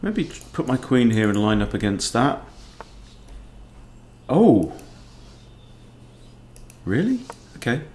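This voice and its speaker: A man, a chess coach thinking aloud in a relaxed, understated way as he plays a fast game. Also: medium pitch. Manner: muttering, understated, self-talking. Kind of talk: thinking aloud while playing blitz chess.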